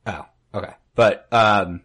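A man's voice: lowish voice, fairly even intonation, slow pace, a bit bright, slightly rough. A man in casual sports talk with an easygoing, conversational manner.

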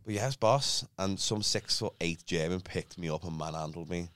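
A man's voice: low voice, moderate pace, a bit bright, no room sound. A man, a guest telling a crude, rambling story in casual chat.

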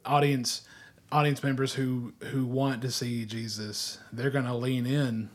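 Halting man co-hosting a podcast. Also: mid-range voice, fairly even intonation. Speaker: podcast co-host. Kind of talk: casual discussion podcast.

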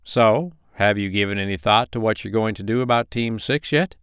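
A man's voice: fairly low pitch, moderate pace, a bit bright, smooth, dry recording, clean studio sound. A man voicing a playful older uncle who likes matchmaking, with a put-on Irish accent. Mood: teasing.

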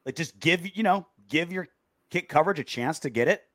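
A man's voice: on the high side, animated, brisk, fairly bright tone, dry recording, clean studio sound. A man co-hosting a casual post-game sports show, sarcastic and reading out listener comments. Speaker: podcast co-host.

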